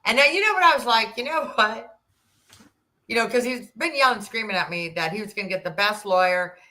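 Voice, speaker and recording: A woman in her sixties, a podcast guest, telling a personal story in an animated way and acting out the dialogue. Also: a little high, a little fast. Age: 60s. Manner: animated, acts out quoted dialogue, rambling restarts.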